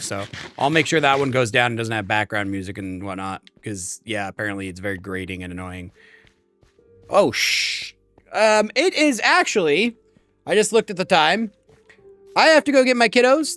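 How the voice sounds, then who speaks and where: Chatty male game streamer, slightly high voice. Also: a bit bright, no room sound. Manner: chatty, rambling, talks to chat. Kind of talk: casual live-stream chat.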